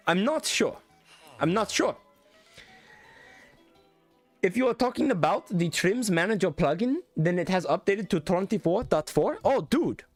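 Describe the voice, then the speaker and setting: A man streaming a game, talking in a put-on Indian accent with a higher, playful voice that repeats itself. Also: heavily acted. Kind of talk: mock-accent bit during a live mod review.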